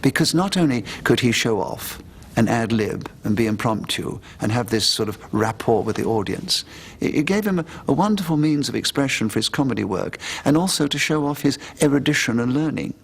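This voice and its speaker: A man's voice: mid-range voice, expressive, brisk, creaky, breathy edge. A man in a documentary interview speaking in an articulate, appreciative way.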